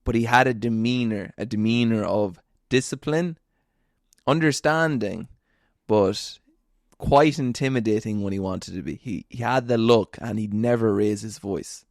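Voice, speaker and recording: A man tells a story to his audience in a relaxed, earnest way with asides that poke fun at himself. His voice has a gravelly edge. The sound is close and dry, with no room echo. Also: on the low side, unhurried. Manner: storytelling, earnest and motivational with self-deprecating asides. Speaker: podcast host. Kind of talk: casual monologue.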